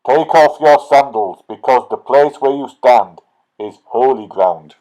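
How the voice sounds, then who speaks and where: A man voicing God as a commanding male deity, speaking loud, solemn pronouncements in a children's Bible story. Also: mid-range voice, animated, unhurried, natural voice, low-quality recording.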